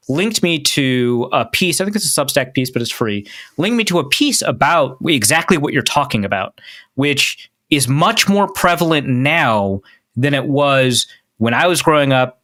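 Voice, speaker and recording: A man from North Dakota co-hosting a podcast, telling stories in an animated way and laughing often. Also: medium pitch. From North Dakota, USA. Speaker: podcast co-host. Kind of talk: casual chat.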